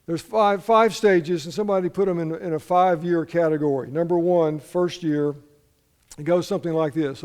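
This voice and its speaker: A man's voice: sits high, moderate pace, darkish tone, long reverb tail. A man preaching a sermon as pastor, telling folksy stories and asking the congregation questions. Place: church sanctuary.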